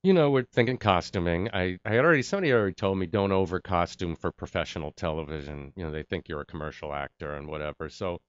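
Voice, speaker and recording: A man's voice: low-pitched, quick pace, hardly any pauses, dry recording, dull audio. A middle-aged man telling a casual story about his acting career, acting out the voices of the people he quotes.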